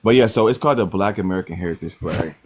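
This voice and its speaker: A man's voice: low voice, racing, slight background noise. A man arguing on a live stream, insistent and repeating himself. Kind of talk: heated live stream argument.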